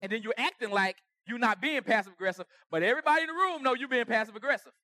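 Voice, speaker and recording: A man preaching a conversational sermon with humor, acting out everyday quarrels and swinging from soft asides to shouts. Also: very high-pitched, racing, no room sound, studio quality.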